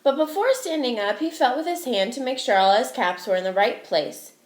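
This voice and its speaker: A woman teacher reading a storybook aloud to young children, expressive and slow, asking her listeners questions. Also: fairly high pitch. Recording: echoey room.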